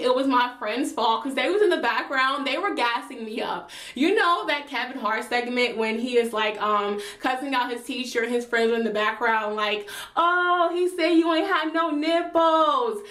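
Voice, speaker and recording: A young woman vlogger telling a story to her viewers in an animated, slangy, chatty way. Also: high voice, moderate pace, hardly any pauses. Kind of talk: storytime chat. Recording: roomy echo.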